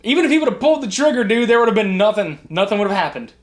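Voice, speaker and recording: Profane, animated man reviewing a movie. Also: sits high, racing. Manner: profane, animated retelling of film scenes. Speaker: podcast co-host. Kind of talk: casual movie review chat. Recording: early amateur mic setup.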